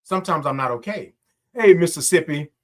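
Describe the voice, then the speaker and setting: A man's voice: on the high side, animated, fairly quick, a bit bright. A man hosting a casual morning livestream, greeting viewers by name and stretching out his sung greetings. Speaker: livestream host.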